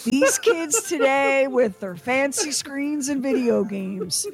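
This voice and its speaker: A woman's voice: high voice, sing-song, slow pace, over music. A woman co-hosting a morning radio show, making teasing, wry remarks and leading into the break. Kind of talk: casual radio banter.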